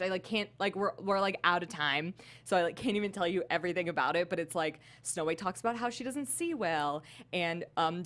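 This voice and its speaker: Co-host, young woman, lower register, excitable storyteller, filler-heavy casual delivery. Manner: animated storytelling, heavy use of "like". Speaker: podcast co-host. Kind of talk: casual chat.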